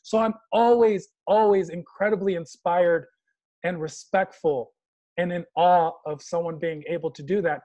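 A man from Washington, D.C., speaking as a panelist on a video call, telling stories with humor and slipping into mock voices. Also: high voice. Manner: animated storyteller, slips into mock voices. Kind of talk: casual panel talk with humor.

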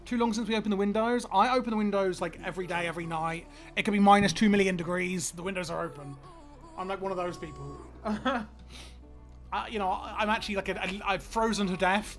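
A high-pitched man talks casually to his live-stream viewers while he plays. He rambles and stammers, repeating words as he gets excited. Faint music plays underneath. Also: a little fast.

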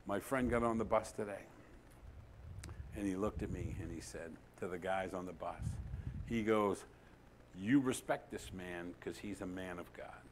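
A middle-aged man, a pastor, preaching a sermon and telling a story, acting out the dialogue with dramatic pauses. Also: on the low side, a little hiss or hum.

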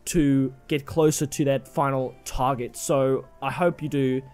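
A man impersonating a calm, measured male YouTuber talking about trading. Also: mid-range voice, clear, resonant tone, faint music behind, voice pushed down, natural voice.

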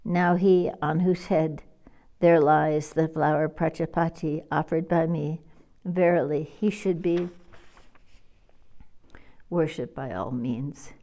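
A woman's voice: deep voice, fairly even intonation, mellow. A woman reading as a stern old sage. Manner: solemn, measured reading. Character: stern old male sage laying a curse. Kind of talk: scripture reading.

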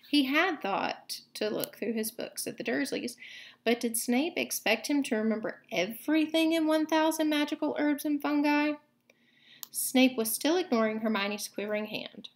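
Woman teacher, reading a novel aloud, expressive narration, fairly high voice. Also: a little slow. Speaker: teacher reading to a book club.

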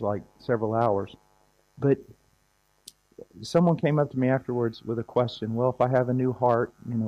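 A man's voice: mid-range voice, dull audio. A man preaching a sermon in a conversational, storytelling way, acting out little scenes.

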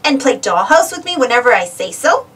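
A woman's voice: on the high side, big pitch swings, brisk, fairly bright tone, husky, recorded from a distance, heavily acted. Woman doing a bossy, dramatic little girl. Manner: bossy, tattling.

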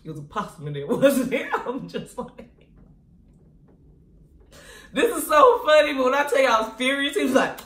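A woman vlogger telling a casual storytime in an animated, slangy way, laughing often. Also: sits high, moderate pace, long pauses. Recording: echoey room.

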